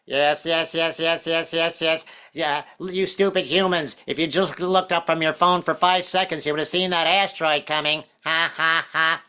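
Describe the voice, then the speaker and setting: A man voicing a smug robot comedian who mocks humans in a slow sing-song. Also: fairly high pitch, steady tone, pushed and bright, clear, resonant tone. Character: smug male robot comic, mocking humans.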